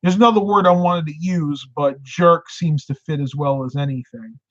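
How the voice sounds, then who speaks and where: Middle-aged man, live-stream host, chatty storyteller, fairly high voice, dull dry recording. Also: moderate pace, fairly bright tone, dry recording. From upstate New York, United States. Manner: chatty, tells stories and answers viewer comments. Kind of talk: casual live-stream chat.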